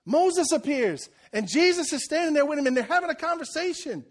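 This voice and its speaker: A preacher man with a strikingly high voice, telling the story in an animated way. He cracks jokes and acts out the quotes as he preaches. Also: fairly quick. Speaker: pastor. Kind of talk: sermon.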